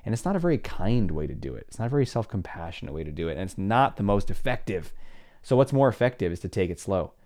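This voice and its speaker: A man's voice: deep voice, sing-song, fast talker, darkish tone. A man in his forties, a confidence coach and podcast host, talking casually on his own and acting out quoted dialogue in shifting voices. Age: 40s. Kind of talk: casual solo podcast talk.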